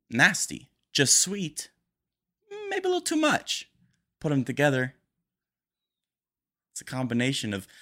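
A young man hosting a casual solo podcast, rambling quickly and a little nervous. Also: mid-range voice, fairly bright tone. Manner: rambling, fast-talking and a bit nervous. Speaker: podcast host.

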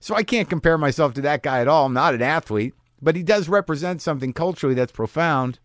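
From his garage studio, a man hosts a podcast and tells a wry, self-deprecating story in a casual, rambling way, restarting often. His voice is fairly high, animated and fast, with clean studio sound and no room sound.

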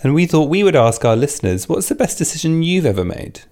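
Mellow, teasing man. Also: a little high, big pitch swings, fast talker. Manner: playful, teasing. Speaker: podcast co-host. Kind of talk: casual chat.

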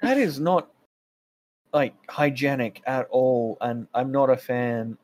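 A man's voice: medium pitch, slow, darkish tone. A young man co-hosting a casual comedy podcast, making wry, swearing jokes as he recaps a show. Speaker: podcast co-host.

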